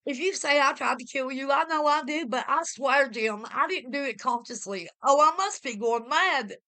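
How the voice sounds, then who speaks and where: A woman's voice: sits high, normal speed, sharp tone, voice pushed up. A woman voicing a frightened, hysterical young wife who pleads and shrieks in distress. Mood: distraught.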